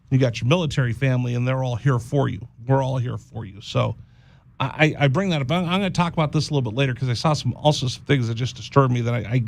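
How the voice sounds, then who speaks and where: A man hosting a radio show, speaking in a halting, heartfelt monologue, often repeating words and close to tears. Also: medium pitch, creaky. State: teary-eyed. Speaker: radio host.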